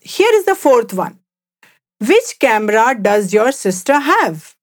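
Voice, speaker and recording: A woman giving a scripted language lesson, explaining words clearly and in a measured way. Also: on the high side, sing-song. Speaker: language teacher.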